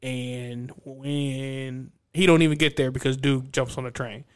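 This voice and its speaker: A young man in casual chat, recapping a movie plot in a rambling, profane, animated way. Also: medium pitch, unhurried, smooth. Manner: profane, animated storytelling with acted-out quotes.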